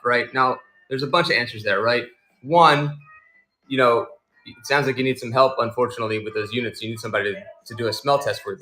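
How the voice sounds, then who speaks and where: A man's voice: medium pitch, pushed and bright, reverberant. A man hosting a casual livestream, chatting and rambling as he answers viewers in the chat. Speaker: livestream seller host.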